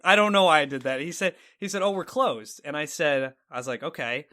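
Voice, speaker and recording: A man's voice: a little high, quick pace, pushed and bright. A man from Texas co-hosting a casual talk show, telling a story animatedly and acting out his own reactions. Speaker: podcast co-host.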